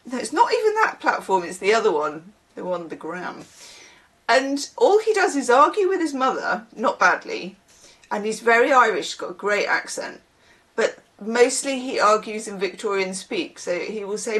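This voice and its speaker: A woman's voice: medium pitch, big pitch swings, moderate pace, fairly bright tone, rough recording. A woman giving a casual tarot reading, chatting in musing asides and reading card texts aloud. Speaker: tarot reader.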